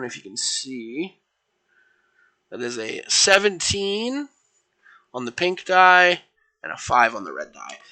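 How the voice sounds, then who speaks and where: Young guy on a home stream telling his dnd fanfic, really bright voice, lots of ums and restarts. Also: mid-range voice, poor audio. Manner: rambling, with fillers and self-corrections; voices figures without putting on accents. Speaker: storyteller streaming fan fiction. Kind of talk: casual live stream narration.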